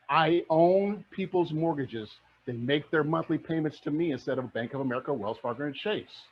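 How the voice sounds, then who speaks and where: Fired-up high-voiced man preaching wealth. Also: moderate pace, hardly any pauses, slight background noise. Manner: fired-up, preachy, repeats phrases. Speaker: guest speaker, real estate mentor. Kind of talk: motivational talk. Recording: dull lo-fi sound.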